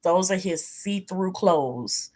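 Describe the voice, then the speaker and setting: A woman hosting a casual commentary chat, talking loosely and breaking into loud laughing shouts. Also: on the low side, lively intonation, slow pace. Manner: chatty, bursts into laughing shouts. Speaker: host.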